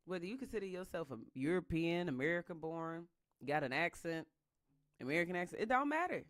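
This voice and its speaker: A reader working through a book chapter in a steady, even voice, then breaking off into fired-up, slangy remarks. The commentary is loud and emphatic, while the reading stays calm. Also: mid-range voice, brisk. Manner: casual slangy speech in the asides.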